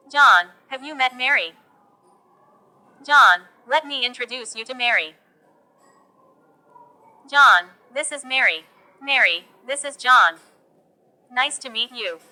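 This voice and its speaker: A woman teaching English, reading example phrases for learners one by one in a slow, deliberate delivery. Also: fairly high pitch, pushed and bright.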